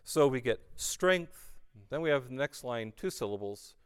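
A man leading a group class on chanting psalms, talking them through the lines in a relaxed, encouraging way. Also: mid-range voice, a little slow, clear, resonant tone. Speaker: music leader teaching psalm singing. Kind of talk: teaching a group to chant psalms, speaking and singing. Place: room with a group of singers.

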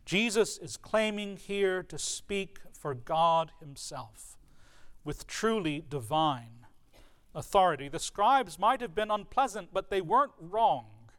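A man's voice: high voice, expressive, slow, fairly bright tone. A man preaching a sermon to his congregation, earnest and emphatic, with rhetorical questions. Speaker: pastor.

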